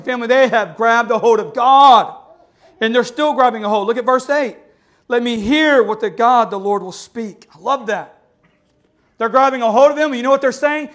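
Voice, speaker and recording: Pastor guy preaching hard, really high voice, keeps asking the church for an amen. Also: normal speed, fairly bright tone. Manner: impassioned preaching, calls for amens. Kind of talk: sermon.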